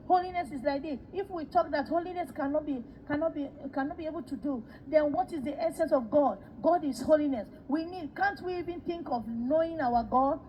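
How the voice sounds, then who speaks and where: A woman preacher with a bright, high-pitched voice, delivering a testimony sermon about a vision. She tells the story with animation, slipping into the voices of the people in it and doubling her words for emphasis. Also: highs cut off, a little hiss or hum. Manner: animated storytelling, acts out quoted dialogue.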